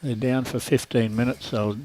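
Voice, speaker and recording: A man's voice: mid-range voice, fairly even intonation, moderate pace, dark tone, slight background noise, poor audio. An older Australian man commentating lawn bowls live, with dry, jokey banter.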